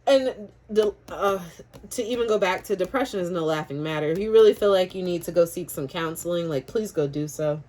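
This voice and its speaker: A woman's voice: lowish voice, a little fast, a little mellow. Woman, tarot reader, casual chat to camera, spiritual talk, laughs a lot, swears freely.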